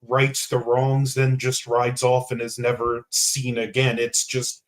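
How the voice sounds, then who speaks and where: A man's voice: mid-range voice, completely flat delivery, slow, rough recording. Thoughtful man chatting about a film. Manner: thoughtful and reflective, with many fillers of "like" and "just". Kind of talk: casual film review chat.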